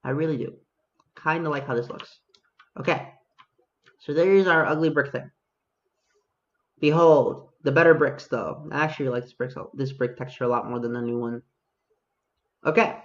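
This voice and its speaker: A man's voice: mid-range voice, moderate pace, pauses often, fairly bright tone, dull audio. A man giving casual, self-mocking commentary over his own gameplay as a video host, talking to himself and his viewers.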